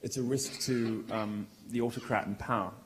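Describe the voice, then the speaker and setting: A British man giving a provocative, mocking live speech to a college crowd in a large, lively room, delivering it loudly and with projection. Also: medium pitch, normal speed. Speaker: public speaker.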